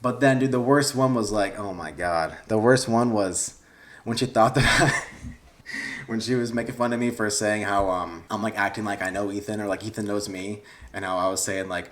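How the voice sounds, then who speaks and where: A man's voice: on the low side, fairly quick, a bit bright. A young man, vlogging casually in a rambling, awkward, self-deprecating way. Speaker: YouTuber. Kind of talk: casual vlog talk to camera.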